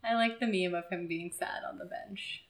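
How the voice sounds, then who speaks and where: A woman co-hosting a podcast in casual chat, playful and quick to joke. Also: on the low side, fairly even intonation. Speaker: podcast co-host. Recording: roomy echo.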